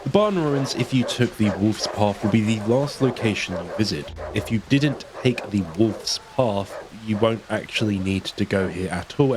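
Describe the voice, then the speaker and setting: A man's voice: on the low side, noisy background. A man, commenting casually and profanely on a horror game's story as a video host. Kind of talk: game lore commentary.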